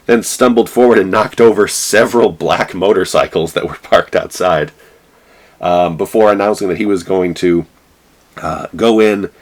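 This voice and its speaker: A man telling a casual anecdote, rambling with fillers and restarts. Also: deep voice. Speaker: vlogger.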